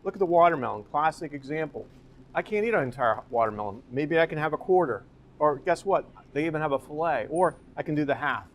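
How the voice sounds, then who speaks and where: A man's voice: on the high side, expressive, quick pace. A man guiding a walking tour through a grocery store, explaining its layout and asking rhetorical questions as he points things out. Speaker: real estate company guide.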